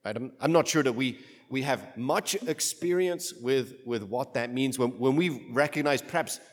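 A man's voice: mid-range voice, normal speed. A man, a priest, reading the gospel and then giving a homily in a conversational way, often asking "right?". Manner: conversational, asks rhetorical "right?". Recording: long reverb of a large room.

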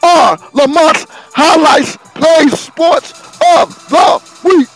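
A man, the show's sports segment host, reading basketball scores and stats in a slow, sing-song way with sudden shouted bursts. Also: extremely high pitch, no echo, soft background music, rough recording.

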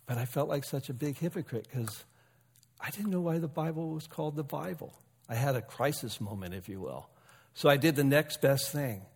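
A man in his fifties or older preaching a sermon, telling a personal story in a relaxed, conversational way with self-deprecating asides. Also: fairly high pitch, moderate pace, husky. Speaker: pastor. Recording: long hall reverb.

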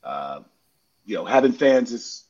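A man's voice: measured pace, slightly rough. Guy chatting casually, acts out hecklers, bit muffled sound. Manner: animated storytelling, acts out hecklers with big pitch jumps. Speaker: podcast host, former outfielder. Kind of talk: casual chat.

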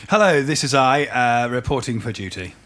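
Lively, bright-voiced pastor, a man. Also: mid-range voice, moderate pace. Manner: teasing, animated, jokey. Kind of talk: casual chat. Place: home kitchen.

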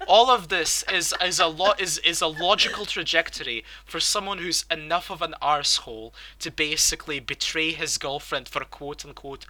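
A man's voice: on the high side, fairly even intonation, moderate pace, hardly any pauses, bright, forceful tone, low-quality recording. A man, a podcast co-host rambling through a casual book discussion, restarting his sentences and laughing often.

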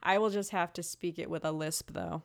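A woman's voice: fairly low pitch, fairly even intonation, moderate pace, creaky. A woman from Los Angeles co-hosting a podcast, chatting casually, swearing freely and laughing at her own jokes. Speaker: podcast co-host. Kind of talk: casual chat.

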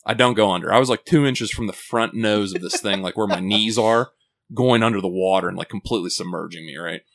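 Speaking on the low side with a creaky quality and a slightly quick tempo, a man spins a wandering, profanity-laced tale for a casual podcast. He chuckles as he goes, lively and constantly leaning on "like" and "right?".

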